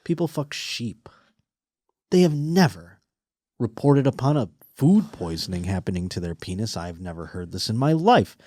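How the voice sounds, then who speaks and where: A man hosting a podcast in casual comedic chat, crude and animated, swearing constantly and mocking the stories he reads. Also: lowish voice, moderate pace, no room sound, studio quality. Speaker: podcast host.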